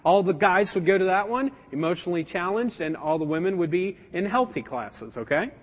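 A man in his thirties preaching a sermon as a pastor, animated and joking with his congregation. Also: high voice, fairly quick. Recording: dull sound with long hall reverb.

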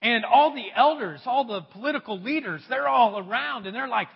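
A male pastor delivers an animated sermon in a notably high, husky voice. His pitch leaps around as he tells the story. The sound is dull and trails off in a long hall echo. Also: normal speed, few pauses. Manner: animated storytelling, talks to the congregation.

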